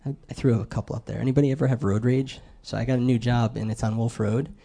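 Middle-aged male preacher, warm mellow voice, chatty sermon delivery, throws questions at the congregation. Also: mid-range voice, steady tone, fast talker, gravelly. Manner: conversational, asks the crowd questions.

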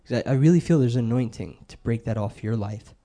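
Speaking fast in a medium-pitched voice with a dark tone, a middle-aged preacher keeps his sermon conversational. He quizzes the congregation and weaves in tales from his life.

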